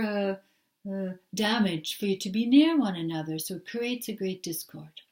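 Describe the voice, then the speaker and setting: Calm collective spirit voiced by a woman, patient teacher, unhurried, mid-pitched, a bit off-mic. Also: far from the mic, close to an everyday voice. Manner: calm, unhurried, explanatory, speaks as "we". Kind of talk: trance channeling talk.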